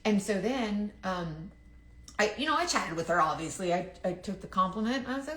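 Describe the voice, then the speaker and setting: A woman's voice: medium pitch, fairly quick. A woman selling makeup tells a casual, self-deprecating story, oversharing and acting out what others said, and she is sweating and overheated. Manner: chatty, self-deprecating, oversharing, quotes others in lively voices. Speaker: makeup seller. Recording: echoey room.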